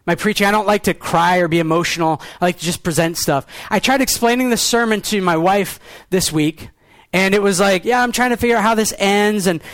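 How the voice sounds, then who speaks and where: A pastor, a young adult man with a very high voice, preaches with earnest feeling. He drops into quiet, low lines, then fires off quick pointed phrases. The sound is close and dry, with no room around it. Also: no room sound. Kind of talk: sermon.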